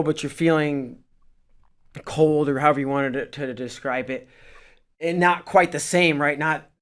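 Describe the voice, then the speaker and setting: Casting note: male interview host, a bit higher-pitched, loose rambling questions. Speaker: show host.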